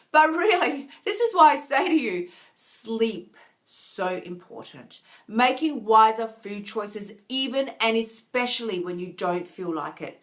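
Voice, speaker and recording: A tired, emotional woman coach talking earnestly to viewers on a live stream, restarting often and laughing softly. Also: a little high. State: tired, near tears. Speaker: wellness coach.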